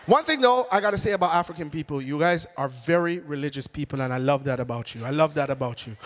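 A man from Jamaica doing a stand-up comedy routine, telling stories in an animated way. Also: a little high, fast, slight background noise. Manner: animated storytelling, acts out characters.

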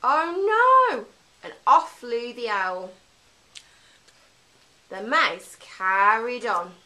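A woman's voice: mid-range voice, very slow, sharp tone, poor audio. A woman teacher telling a children's story simply and animatedly, with lots of character voices.

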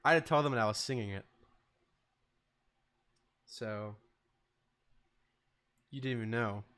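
A man's voice: medium pitch, unhurried, fairly bright tone, smooth. A young man live-streaming, chatting casually with a joking, sarcastic, swearing manner.

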